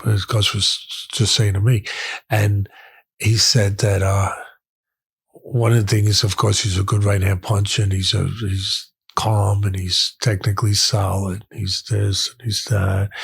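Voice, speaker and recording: Middle-aged New man, husky and low-pitched, tells stories emphatically and repeats lines for effect. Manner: emphatic, repeats phrases for weight. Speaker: guest, boxing trainer and commentator. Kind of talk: storytelling in conversation.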